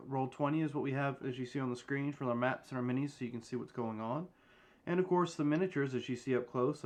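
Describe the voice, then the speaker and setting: Rambling man giving stream announcements. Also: medium pitch. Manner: rambling, filler-heavy delivery.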